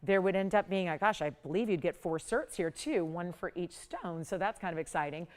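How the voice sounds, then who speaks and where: Smooth, low-voiced woman selling jewelry live. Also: a little fast, a little mellow. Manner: chatty, upbeat sales patter. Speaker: home shopping host. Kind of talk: live TV shopping sales pitch.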